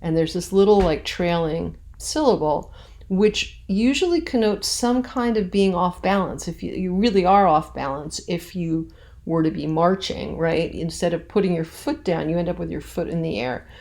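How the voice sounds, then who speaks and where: A woman's voice: on the low side, moderate pace, a little mellow. A woman teacher giving a casual recorded lesson, chatty with many fillers, reading verse lines aloud with exaggerated stresses. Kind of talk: recorded classroom lesson on poetic meter.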